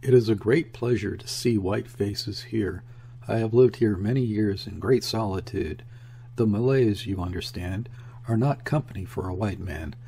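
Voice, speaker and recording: A man voicing a rambling, excitable old trader. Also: on the low side, moderate pace, slight background noise, natural voice. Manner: garrulous, excitable, jumping between topics. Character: weary, rambling middle-aged trader host.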